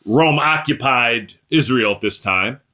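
A man preaching a sermon. His voice is bright and forceful at a middle pitch. He leans hard on key lines, then drops into hushed, mumbled asides. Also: measured pace. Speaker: pastor.

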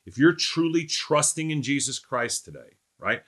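A man's voice: on the high side, animated, moderate pace, a bit bright. A man preaching, walking through a Bible passage verse by verse in a conversational way, often asking "right?" and repeating words as he goes. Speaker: pastor. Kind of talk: Bible teaching sermon.

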